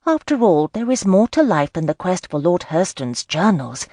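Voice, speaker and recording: A woman voicing an excitable, playful young Regency lady in an audiobook, eager and quick to squeal with delight. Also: on the low side, no room sound, clean studio sound, voice pushed up. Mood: excited. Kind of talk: audiobook character voice.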